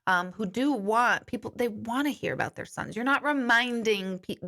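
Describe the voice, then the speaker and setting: A woman who works as an intuitive medium and life coach answers viewer comments on a candid, chatty studio live stream, occasionally swearing and then apologizing. Her voice is a little high, creaky, and a bit bright, at a moderate pace.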